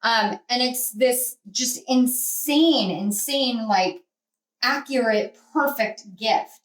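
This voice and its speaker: A woman's voice: on the high side, slow pace. A woman giving a spiritual tarot reading, rambling and heartfelt with many fillers, speaking from a distance from the mic. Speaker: tarot reader. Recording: roomy, from off-mic.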